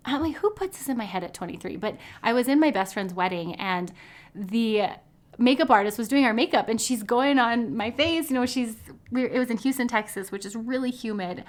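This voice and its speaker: A woman's voice: fairly high pitch, normal speed. A woman in her thirties, a dietitian hosting her own podcast, talking in an upbeat, chatty way and laughing easily. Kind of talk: casual podcast monologue.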